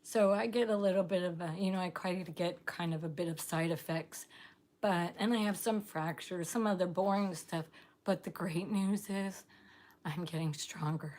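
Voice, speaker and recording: A woman's voice: on the low side, moderate pace, darkish tone. A woman hosting a casual live stream, bubbly and gushing, laughing often as she chats with viewers. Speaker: livestream host.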